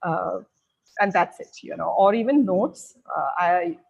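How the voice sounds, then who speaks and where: A middle-aged woman giving parents measured advice, pausing often on fillers as she explains. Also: lowish voice, vocal fry, darkish tone, breathy edge, lo-fi sound. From India. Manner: measured and advisory, with frequent filler pauses. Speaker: parenting educator.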